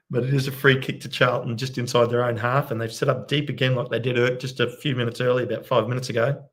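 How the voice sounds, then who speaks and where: A man giving excitable live play-by-play commentary as a fan watchalong host, keeping his voice down at home late at night. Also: medium pitch, brisk. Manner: excitable, bursts into loud cheering; kept quiet since it is night at home. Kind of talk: live match commentary for viewers.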